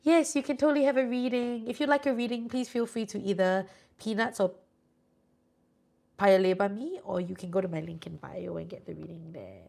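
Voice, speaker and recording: Singaporean woman, tarot-reading streamer; chatty and reassuring, gravelly edge. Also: mid-range voice, steady tone, fairly quick, a little mellow. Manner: chatty, reassuring, sprinkles "lah". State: sleepy, yawning. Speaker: tarot reader and live streamer. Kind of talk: casual live-stream chat with viewers.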